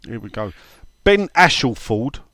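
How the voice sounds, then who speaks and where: Rambling, laughing bloke. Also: male voice, medium pitch, very animated, a little slow, a bit bright, no echo. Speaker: podcast co-host reading listener questions. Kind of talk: casual football chat.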